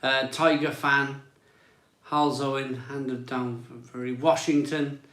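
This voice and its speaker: A man's voice: medium pitch, flat delivery, slow, a bit bright, echoey room. A man hosting a casual beer live stream, chatting and greeting viewers as he reads their comments aloud.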